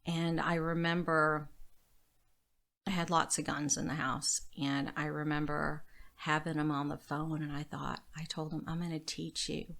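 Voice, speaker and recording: A middle-aged woman, a podcast guest, telling her life story candidly and often dropping to a soft near whisper. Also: sits low, level tone, measured pace, vocal fry.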